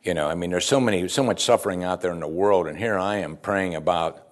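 Low-voiced man preaching a conversational sermon. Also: quick pace. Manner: conversational, asks the listeners rhetorical questions; reads scripture aloud and stops to comment. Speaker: pastor.

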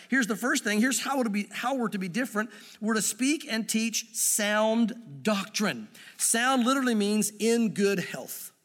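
A male pastor preaching a sermon in a church, in an animated, conversational way with frequent asides. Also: high-pitched. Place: church sanctuary. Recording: long reverb of a church hall.

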